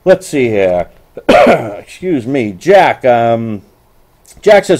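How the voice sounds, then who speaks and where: A man's voice: mid-range voice, very animated, slow pace, darkish tone. A middle-aged man hosting a live political talk show and giving blunt, opinionated rants with frequent restarts while reading out viewer messages. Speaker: show host.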